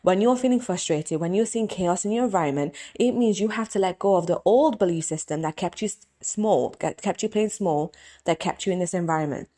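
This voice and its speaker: A young adult woman hypnotist and coach giving an earnest, repetitive motivational talk that turns softly emotional when she prays aloud. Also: fairly low pitch, fairly quick.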